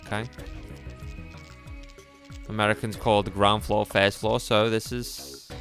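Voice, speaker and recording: A man's voice: lowish voice, level tone, slow pace, long pauses. A man streaming a game live, chatting casually and reacting to what happens on screen. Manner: chatty, reads passages aloud, reacts loudly to surprises. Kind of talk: casual live gameplay commentary. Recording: faint game music underneath.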